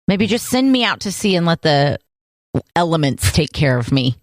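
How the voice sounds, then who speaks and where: A woman's voice: sits low, moderate pace, no room sound, studio quality. A woman in her thirties co-hosting a podcast, chatting casually and telling stories with acted-out voices. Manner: animated storyteller, acts out quoted voices. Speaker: podcast co-host. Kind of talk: casual chat.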